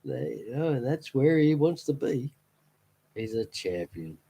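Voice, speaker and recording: A man's voice: mid-range voice, big pitch swings, slow pace, mellow, breathy edge. A man chatting casually on a live stream, rambling fondly and laughing easily. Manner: rambling, fond and easily amused. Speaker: streamer talking to chat.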